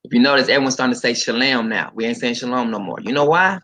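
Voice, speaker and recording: A man's voice: medium pitch, fast, bright, forceful tone, a little hiss or hum, rough recording. A man preaching casually on a livestream, talking straight to his viewers, reading scripture aloud and commenting on it, with emphatic repetition.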